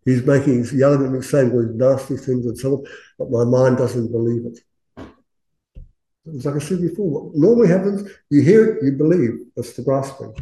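A man's voice: mid-range voice, moderate pace, warm tone. A man giving a casual Buddhist Dharma talk, chatty, often laughing and acting out quoted voices. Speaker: Buddhist teacher. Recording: roomy echo.

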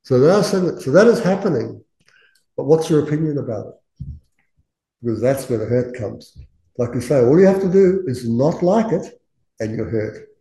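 A man's voice: mid-range voice, lively intonation, normal speed, pauses often, warm tone. A man giving a casual Buddhist Dharma talk, chatty, often laughing and acting out quoted voices. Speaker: Buddhist teacher. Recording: roomy echo.

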